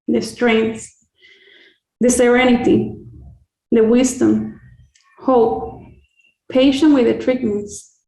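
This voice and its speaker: A woman sharing her own cancer story on a video call, earnest and deliberate in tone. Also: a little high, creaky, a little mellow, roomy sound, rough recording. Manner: earnest, slow and deliberate, list-like phrasing. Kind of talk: heartfelt personal testimony.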